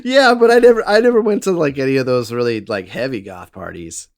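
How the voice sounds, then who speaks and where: Male podcast co-host, casual movie talk, animated and jokey, dry close mic. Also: mid-range voice, brisk, no echo. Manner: animated, laughs often, quips. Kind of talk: casual movie-review chat.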